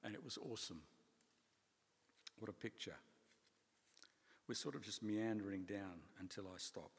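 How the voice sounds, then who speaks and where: A man preaching a sermon in a conversational, animated way, with playful asides. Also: lowish voice, moderate pace, creaky, husky, in a large hall. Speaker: pastor.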